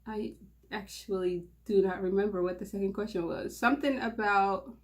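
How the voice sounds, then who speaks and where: A woman's voice: medium pitch, fairly even intonation, slow. Nervous, giggly young woman vlogging. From Mauritania. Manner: nervous, giggly, rambling with restarts. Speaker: channel host. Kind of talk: casual nervous vlog intro.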